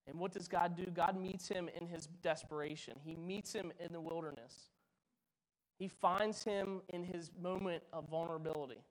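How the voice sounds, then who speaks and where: A pastor preaching a sermon, swinging from loud, dramatic lines to hushed, quiet ones. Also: male voice, on the high side, steady tone, moderate pace, poor audio.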